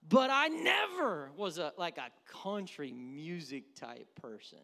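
A man's voice: fairly high pitch, sing-song, slow, vocal fry, sharp tone. A man preaching a sermon as pastor, with a conversational, joking manner and bits of mimicry. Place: church sanctuary. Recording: echoey hall.

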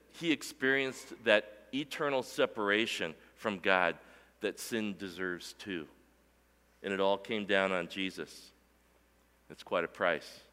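A man preaching a sermon in a church worship center, with emphatic, deliberate delivery that swells and drops for emphasis. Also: lowish voice, pushed and bright, long reverb tail. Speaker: pastor.

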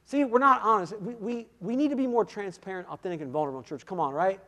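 A man giving a sermon testimony, swinging from quiet, intimate moments to loud, emphatic calls, with repeated "come on" and "listen". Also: sits high, fast. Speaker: guest speaker giving testimony.

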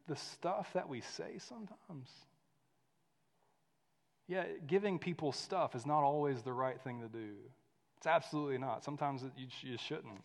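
A man in his thirties preaching a sermon, telling a story in a lively way that drops to a hush and rises to loud. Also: fairly high pitch, normal speed. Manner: storytelling, animated swings from hushed to loud. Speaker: pastor. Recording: long hall reverb.

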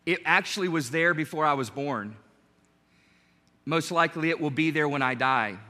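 A man preaching a sermon as pastor, animated and conversational, joking with his congregation. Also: a little high, moderate pace, big-room sound.

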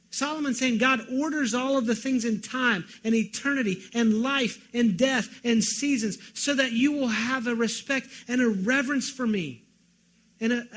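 A man preaching a sermon as pastor, moving from loud pleading questions to quiet, earnest emphasis. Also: extremely high pitch.

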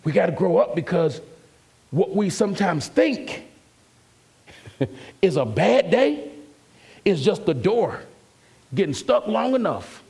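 A man's voice: sits high, sing-song, slow, gravelly, pauses often, a little mellow, slightly rough. A man preaching an emphatic, conversational sermon as a pastor and calling out to his congregation.

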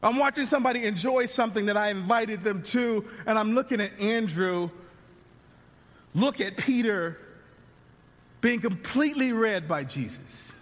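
A male pastor preaching a sermon in a conversational, animated way, often restarting his sentences, recorded with long reverb in a large hall. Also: high voice, moderate pace.

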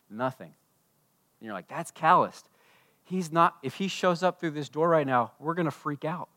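A man preaching a sermon at a church service, impassioned, swinging between loud declarations and hushed asides. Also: medium pitch. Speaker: pastor.

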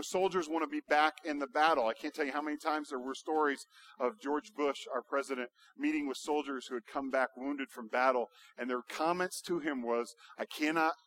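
A male pastor preaching a sermon, building to loud, emphatic rhetorical questions. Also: on the high side.

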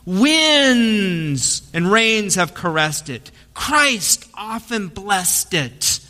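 A man voicing an older male baker who is fiercely passionate about his bread, reciting in a slow, solemn and tearful way. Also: high voice, very animated, bright, forceful tone, long reverb tail, heavily acted.

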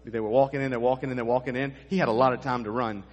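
Husky pastor preaching in a reverberant church. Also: male voice, mid-range voice, fairly even intonation, rapid-fire. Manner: storytelling, conversational preaching with asides to the congregation. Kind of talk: sermon. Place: church sanctuary. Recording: long hall reverb.

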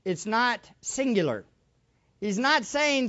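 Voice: medium pitch, expressive, unhurried, a bit bright, lo-fi sound. A preacher giving a sermon in an emphatic way, repeating key phrases and asking the listeners rhetorical questions.

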